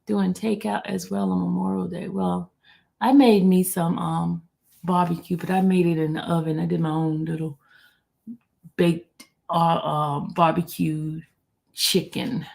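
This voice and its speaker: A woman's voice: fairly low pitch, unhurried, creaky, a little mellow. A woman hosting a casual livestream chat, teasing and repeating herself as she reads out viewer comments. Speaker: livestream host.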